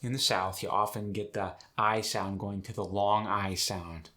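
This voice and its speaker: A man hosting an accent tutorial as a dialect coach, explaining sounds in a brisk, instructive way. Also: on the low side, flat delivery, bright, forceful tone.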